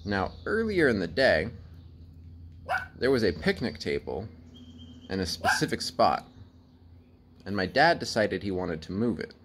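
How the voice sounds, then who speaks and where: A man's voice: fairly low pitch, big pitch swings, unhurried, long pauses, fairly bright tone, slight background noise. A young man candidly retelling a painful childhood memory in a casual vlog, swearing and laughing as he goes. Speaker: vlogger. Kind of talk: casual personal storytelling.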